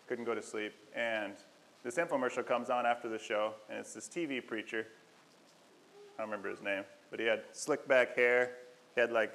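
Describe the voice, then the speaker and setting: A man's voice: medium pitch, poor audio. A young man preaching a casual, joking sermon, telling stories with self-deprecating humor. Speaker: lay preacher.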